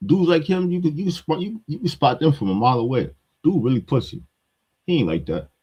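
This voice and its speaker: A man's voice: fairly high pitch, very animated, fast talker, darkish tone, husky, highs cut off. A man with a New York accent, giving a blunt, heated hip-hop commentary rant that repeats its points.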